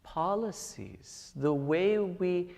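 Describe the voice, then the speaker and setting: A man's voice: sits high, very slow, vocal fry, a little mellow. A man preaching a sermon to a congregation, telling personal stories and building to emphatic points. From United States. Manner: storytelling, rising to emphatic peaks. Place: large church hall. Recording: long reverb of a church hall.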